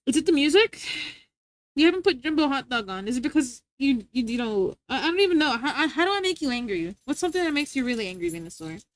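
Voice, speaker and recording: A fast-talking woman with a sing-song voice livestreams, chatting with viewers in a playful, rambling way while tripping over her words and restarting sentences. When she scolds her dog, her voice goes high and sing-song.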